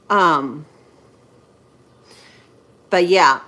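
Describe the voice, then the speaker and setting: A woman in her thirties from Central Florida hosts a casual livestream, chatting with viewers as she cooks. She talks at an unhurried pace, pausing and filling gaps as she thinks aloud. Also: medium pitch, lively intonation, fairly bright tone. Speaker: livestream host. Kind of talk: casual live-stream chat while cooking.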